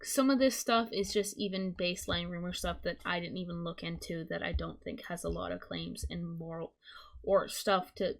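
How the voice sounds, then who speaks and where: A woman's voice: lowish voice, steady tone, normal speed, gravelly. A young woman from the Southern United States giving live-streamed commentary, her voice strained from hours of talking, rambling and correcting herself as she goes. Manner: rambling, self-correcting, casual. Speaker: streamer commenting on online drama.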